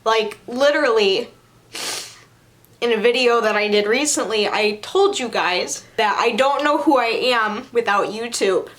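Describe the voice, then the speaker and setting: A woman's voice: on the high side, unhurried, fairly bright tone. A young woman vlogging to her viewers while crying, upset and frustrated, often repeating herself. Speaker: YouTuber. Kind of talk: emotional vlog to camera.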